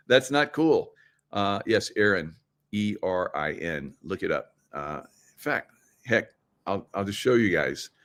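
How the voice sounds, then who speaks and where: A middle-aged man hosting a casual livestream monologue in a conspiratorial tone. He talks straight to his viewers, asks them questions and laughs at his own jokes. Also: medium pitch. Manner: conspiratorial, joking asides, laughs at own lines. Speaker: show host.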